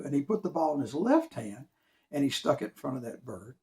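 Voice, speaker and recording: A man telling a tall tale in a folksy, drawn-out storytelling manner. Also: medium pitch, very animated, vocal fry, darkish tone.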